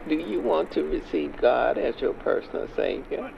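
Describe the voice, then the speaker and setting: A man in a scripted skit, leading a prayer as a lay preacher in an earnest, coaxing sermon cadence with a gravelly voice. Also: fairly high pitch, expressive, normal speed, hardly any pauses, a little hiss or hum. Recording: dull muffled recording.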